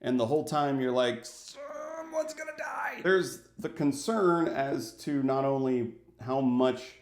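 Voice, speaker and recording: A man talks through a film review in a casual, lively way and jumps into quick acted-out bits of dialogue. His voice sits in the middle range and bounces around a roomy, echoey space. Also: medium pitch. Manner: animated, acts out scenes with little voices. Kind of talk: casual movie review vlog. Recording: echoey room.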